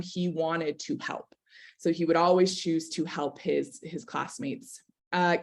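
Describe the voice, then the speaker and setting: A woman teacher walks through a presentation about her students in an earnest, heartfelt way. She often pauses on fillers and restarts her phrases. Her voice sits a little lower than most women's. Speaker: teacher presenting a case study.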